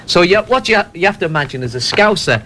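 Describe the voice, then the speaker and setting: High-voiced man telling jokes. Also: fast, a little hiss or hum. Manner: animated, laughing storyteller. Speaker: radio co-presenter. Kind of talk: reading out listener jokes. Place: radio studio.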